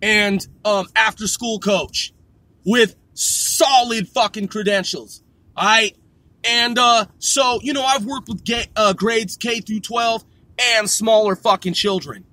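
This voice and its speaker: High-voiced man in a profane rant. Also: takes it slowly, pushed and bright, no echo. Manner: profane, exasperated, repeats himself. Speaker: vlogger. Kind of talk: ranting monologue.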